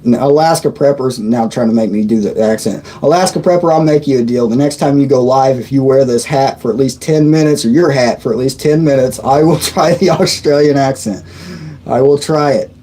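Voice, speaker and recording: A man's voice: medium pitch, fairly quick, mellow, slight background noise, rough recording. A man, hosting a casual live stream, joking and laughing as he answers chat comments. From Indiana, USA. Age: 30s. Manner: chatty and joking, laughs often, stumbles and restarts.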